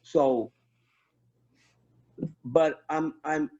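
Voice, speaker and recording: A man, an army veteran, telling stories in a casual chat, animated and profane, restarting his sentences often. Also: on the high side, very slow. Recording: dull lo-fi sound.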